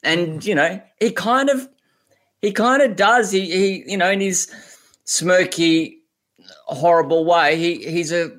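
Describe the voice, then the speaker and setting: A man's voice: high-pitched, measured pace, a bit bright. Rambling Australian man joking on a panel. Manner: rambling, joking, many restarts. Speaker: comedy panelist. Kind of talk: comic panel banter.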